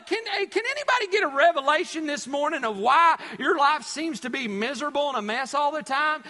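Male pastor, bright, high and animated voice, sermon in a reverberant church hall. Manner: preachy, repetitive emphasis with many fillers.

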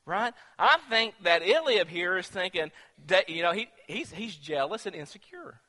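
A male preacher with a high, bright voice, telling the story in an animated sermon. He swings from hushed asides to emphatic points. The sound carries a long echo from a church hall. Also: normal speed.

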